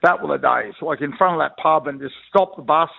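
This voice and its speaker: A man's voice: on the high side, brisk, vocal fry, dry recording. A middle-aged Australian man, a former rugby league player, telling slangy, rambling stories as a guest on a radio call. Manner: blokey storyteller, slangy, rambling with restarts. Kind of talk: casual radio interview by phone. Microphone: telephone. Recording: tinny dry phone line.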